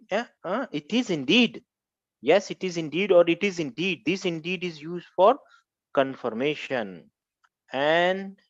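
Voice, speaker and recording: A man's voice: fairly high pitch, no echo, highs cut off. A man teaching Arabic grammar in a class, repeating each point and quizzing students step by step. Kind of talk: classroom lecture.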